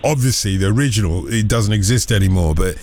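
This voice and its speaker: A man hosting a radio phone-in, chatting casually and playfully with callers. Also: fast talker. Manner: chatty and playful, with lively pitch swings. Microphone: studio microphone.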